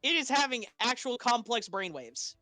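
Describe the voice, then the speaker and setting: A woman narrating as game master of a tabletop game, with a halting delivery full of restarts. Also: on the high side, lively intonation, bright, forceful tone, dry recording, soft background music.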